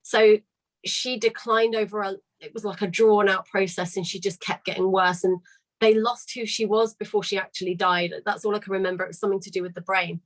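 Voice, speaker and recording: A woman's voice: mid-range voice, a bit bright, poor audio. A woman who leads a choir tells a story in casual chat on a video call, candid and chatty, swearing now and then. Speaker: choir leader.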